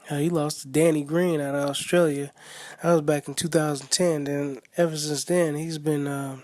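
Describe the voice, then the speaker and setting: A man's voice: fairly high pitch, a little mellow, no echo, studio quality. A man giving a casual, rambling monologue, full of fillers and restarts. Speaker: boxing commentator vlogger.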